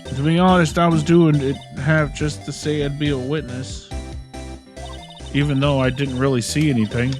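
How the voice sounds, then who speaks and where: A man's voice: fairly high pitch, flat delivery, moderate pace, music in the background, lightly acted. A man voicing a brash young Southern woman photographer with a put-on drawl, folksy and fond of bargaining. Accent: American Southern, put on.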